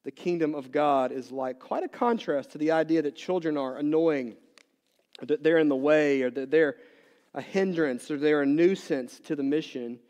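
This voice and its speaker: A pastor giving a sermon, asking the congregation many questions and moving between loud emphatic bursts and quiet low asides. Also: male voice, moderate pace. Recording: long reverb in a large hall.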